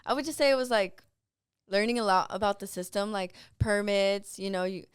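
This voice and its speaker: Chatty woman guest, smooth clear voice. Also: mid-range voice, moderate pace, no room sound, studio quality. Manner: rambling, heavy use of "like". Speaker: podcast guest. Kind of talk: casual storytelling chat.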